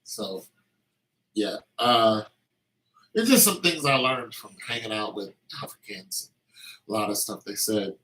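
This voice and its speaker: A man's voice: lowish voice, expressive, unhurried, pauses often, sharp tone, poor audio. A man talking in a casual, meandering monologue, telling anecdotes with lots of fillers.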